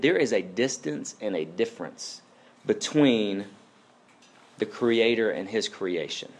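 A man preaching a casual, conversational sermon as a pastor, chatty and informal, with many tag questions and fillers. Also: medium pitch.

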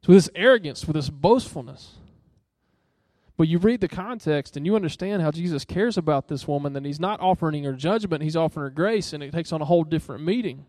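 A man's voice: on the high side, quick pace, a little mellow, dry recording, clean studio sound. A young man preaching a sermon in an earnest, conversational way, asking listeners direct questions.

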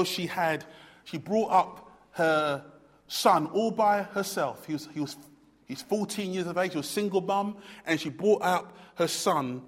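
A high-pitched man preaching in a church hall with a long, ringing reverb. He swings between quiet, low passages and loud, pleading ones, and repeats words as he builds his point. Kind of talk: sermon.

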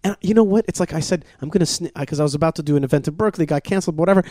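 A man co-hosting a podcast, telling stories in an animated, excitable way, acting out what others said and restarting his sentences often. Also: a little high, very fast, no echo, studio quality. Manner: excitable, acts out quoted voices, many restarts. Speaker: podcast co-host. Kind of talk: animated storytelling chat.

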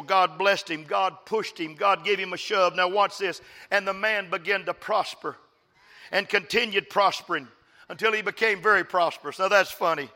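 A man from West Texas preaches from a church stage and calls on the congregation to repeat after him. His voice is high and sharp-edged. Long reverb from a large hall trails behind each phrase. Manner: preaching with call-and-response, emphatic. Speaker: pastor. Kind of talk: sermon.

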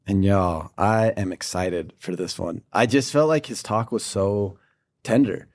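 A man's voice: lowish voice, a little slow. Young man telling a story. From Pennsylvania. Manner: storytelling, animated. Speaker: podcast co-host. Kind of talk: casual faith podcast chat.

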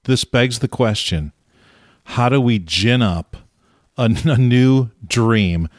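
A man's voice: mid-range voice, animated, takes it slowly, no room sound, clean studio sound. A man interviewing a guest, asking thoughtful, probing questions.

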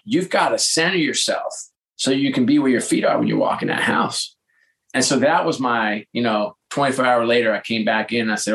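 A middle-aged man, a podcast guest, telling candid, animated stories in conversation. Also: mid-range voice. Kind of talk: storytelling in conversation.

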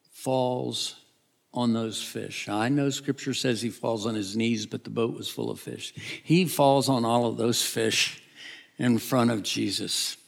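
A man's voice: mid-range voice, vocal fry. A man preaching a sermon, retelling a Bible story dramatically, acting out the characters and sometimes dropping to a whisper.

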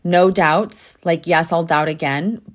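Low-voiced earnest woman podcaster. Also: takes it slowly. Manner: earnest, heartfelt, with frequent "like" fillers. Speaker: podcast host and spiritual coach. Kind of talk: casual podcast monologue.

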